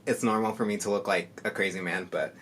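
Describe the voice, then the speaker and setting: A soft-spoken man in casual reaction commentary, rambling with many fillers and sounding tired. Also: on the low side, fairly even intonation, fast, slightly rough. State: tired from lack of sleep. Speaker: musician reacting to music. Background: faint music playing.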